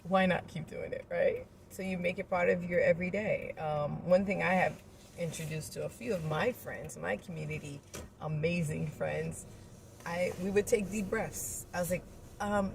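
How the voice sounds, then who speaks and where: A woman's voice: fairly low pitch, normal speed, gravelly. A woman birth coach giving an encouraging, playful motivational talk and acting out little inner voices. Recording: distant mic with loud road noise.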